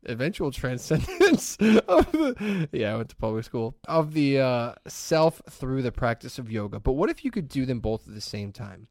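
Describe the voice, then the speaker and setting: A man's voice: medium pitch, animated, normal speed, hardly any pauses, a little mellow, dry recording, studio quality. A man co-hosting a podcast, chatting casually and sarcastically while mocking lazy jokes and reading headlines aloud. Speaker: podcast co-host. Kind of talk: casual comedic banter.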